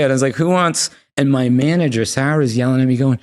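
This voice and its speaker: A man's voice: mid-range voice, quick pace. A man from the United States, a podcast guest, telling stories in casual, profane talk and acting out quotes. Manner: animated, profane, acts out quotes. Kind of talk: casual storytelling.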